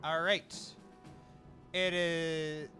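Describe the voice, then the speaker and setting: A man's voice: a little high, flat delivery, drawn-out words, pushed and bright, soft background music. A man narrating as game master of a tabletop game, playful and chuckling, on a desk mic.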